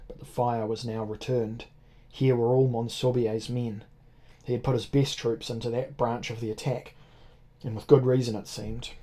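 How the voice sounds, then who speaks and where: A man narrating a first-person adventure novel in a measured way. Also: medium pitch, mellow. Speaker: audiobook narrator. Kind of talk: scripted narration.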